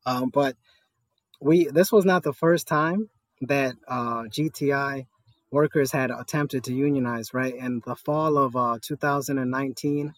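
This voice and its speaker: A man's voice: medium pitch, fairly even intonation, unhurried, dry recording. A man, telling his story as an interview guest, earnest and often adding "right?". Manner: earnest, with many fillers and tag "right?". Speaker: guest, cannabis store worker organizing a union. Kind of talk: conversational interview.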